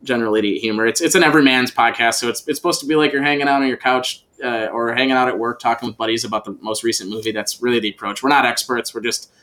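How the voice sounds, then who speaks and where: A man's voice: mid-range voice, fairly even intonation, racing, hardly any pauses, pushed and bright. A man guesting on a podcast, chatting casually and rambling with many fillers and restarts. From United States. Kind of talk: casual chat.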